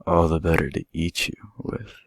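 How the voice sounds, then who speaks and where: Male reader doing the big bad wolf: deep, husky growl, sly and hungry, storybook style. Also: normal speed, no echo. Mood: menacing. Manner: growling, loud.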